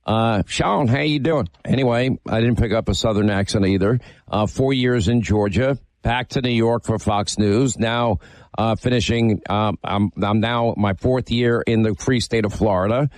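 A man's voice: fairly low pitch, normal speed, darkish tone, dry recording. A man hosting a radio talk show, chatting casually through a live ad read with frequent fillers.

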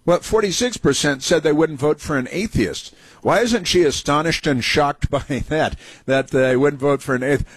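A man's voice: fairly high pitch, normal speed, slightly rough, dry recording. Sarcastic male talk radio host, dry studio. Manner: sarcastic, mocking, many fillers. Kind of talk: political talk commentary.

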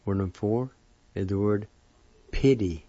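A man teaching vocabulary, spelling out and pronouncing each word slowly and patiently, with repetition, on a dull lo-fi recording. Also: fairly low pitch, warm tone, dry recording. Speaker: language teacher. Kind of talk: slow spelling and pronunciation lesson. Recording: dull lo-fi sound.

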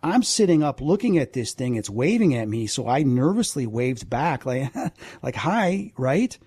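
Male guest, mellow and husky, animated storyteller with asides, dry close sound. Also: medium pitch, moderate pace, no room sound. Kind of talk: storytelling in a conversation.

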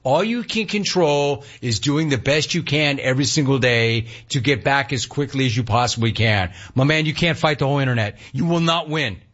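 A man's voice: mid-range voice, animated, fairly quick, few pauses, fairly bright tone. A man hosting a sports talk radio show, delivering a monologue with punchy, emphatic repetition. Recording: slightly muffled radio broadcast.

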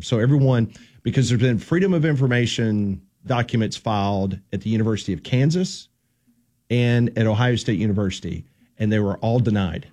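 A man's voice: fairly low pitch, warm tone. A man hosting a casual sports radio talk show, keeping the conversation moving along.

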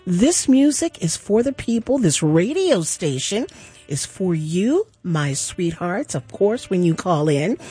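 A woman hosting a jazz radio show, making lively pledge appeals to listeners and interviewing a guest in the studio. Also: mid-range voice, a little slow, slightly rough, soft background music. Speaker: radio host. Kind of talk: public radio pledge-drive talk.

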